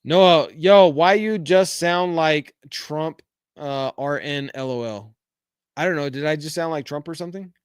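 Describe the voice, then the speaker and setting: With an unhurried delivery and a smooth, highish voice, a middle-aged man hosts a relaxed live-chat podcast. He reads comments from viewers aloud and gives frank opinions that ramble and lean on fillers. The studio sound is clean with no echo.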